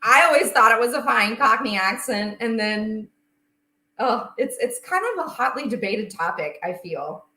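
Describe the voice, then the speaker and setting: Young woman, baking-stream host, relaxed home-kitchen chatter; slightly high, bright voice in an echoey room. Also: normal speed. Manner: chatty, reads out viewer comments. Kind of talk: casual livestream chat while baking.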